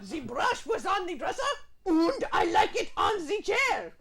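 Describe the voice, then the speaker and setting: A woman's voice: very high-pitched, very animated, measured pace. Woman, improv comedy, put-on accent lines, crowd audible behind. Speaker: improv performer. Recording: live stage with audience noise.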